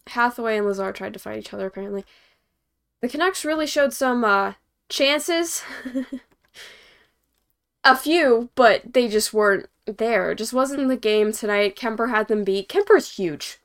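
Here a young woman runs a hockey post-game show, her voice a little high, a bit bright, and clean. She rambles casually, using lots of fillers and laughing softly between points.

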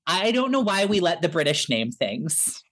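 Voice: medium pitch, sing-song, moderate pace, fairly bright tone. A podcast co-host in casual film chat, joking and indignant, rambling through tangents.

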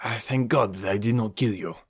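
A man voicing an excitable, frightened French nobleman in an audiobook, exclamatory and emotional. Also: fairly low pitch, fairly quick, breathy edge. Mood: grateful. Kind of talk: audiobook character reading.

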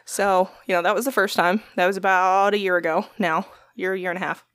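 A woman's voice: mid-range voice, brisk, no echo, studio quality. A young adult woman telling a long story in casual chat, swearing often and acting out what people said. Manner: profane, animated storytelling with quoted voices.

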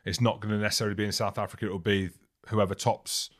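A young adult man co-hosting a rugby podcast, talking in a rambling, animated way and laughing mid-sentence. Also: lowish voice, fast. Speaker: podcast co-host and rugby commentator. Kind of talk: casual sports chat.

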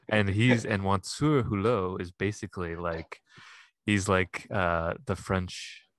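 A man's voice: deep voice, fairly even intonation, slow pace, dry recording. A man co-hosting a podcast, chatting casually about movies, rambling with fillers and laughing often. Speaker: podcast co-host. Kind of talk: casual chat.

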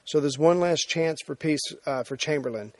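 Higher-voiced man telling history casually. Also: normal speed, a little mellow, no room sound. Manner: conversational retelling with fillers and restarts. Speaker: history lecturer. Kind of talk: informal history lecture.

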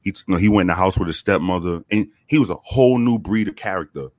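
Low-voiced man telling a story. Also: quick pace, no echo, clean studio sound. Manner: laid-back, profane, animated when quoting people. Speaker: guest, former police officer. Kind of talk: casual storytelling.

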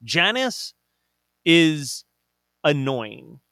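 A man's voice: a little high, very animated, drawn-out words, sharp tone, no room sound, studio quality. A young man co-hosting a podcast in casual chat, talking loosely with lots of fillers and frequent laughs. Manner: chatty, laughs often, many fillers. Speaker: podcast co-host.

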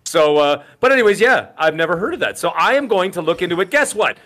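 A middle-aged man in casual podcast chat with a bright, forward tone and a slightly higher pitch than most men. He talks emphatically and gets worked up easily, tripping over and repeating his words as he goes. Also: lively intonation, quick pace. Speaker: podcast co-host.

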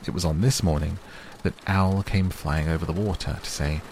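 A man reading a storybook aloud in a calm, soothing bedtime narration, with faint rain behind. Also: low voice, moderate pace, a little hiss or hum. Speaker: audiobook narrator.

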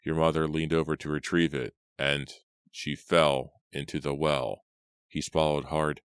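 A man narrating an audiobook in a slow, measured and grave manner. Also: rumbling low, little pitch movement, clear, resonant tone, dry recording, studio quality. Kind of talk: scripted dramatic narration.

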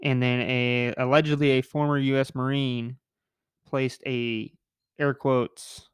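A man's voice: mid-range voice, little pitch movement, clean tone, no echo, clean studio sound. A man hosting a casual podcast, talking in a joking, rambling way with a nasal voice. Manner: joking, rambling, quick asides. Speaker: podcast host.

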